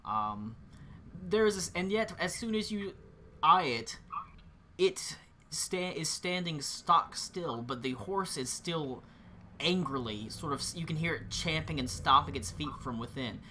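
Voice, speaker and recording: A man narrating as game master, halting and full of fillers and restarts. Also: on the high side, lively intonation, bright, forceful tone, slight background noise.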